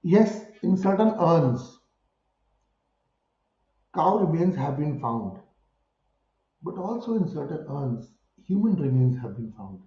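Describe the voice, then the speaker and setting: A man with an Indian English accent answering an interview in an impassioned way, driving his points home with rhetorical questions and forceful peaks. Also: fairly high pitch, big pitch swings, slow pace, long pauses, roomy sound, muffled recording. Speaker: spiritual guru interviewed about cow protection.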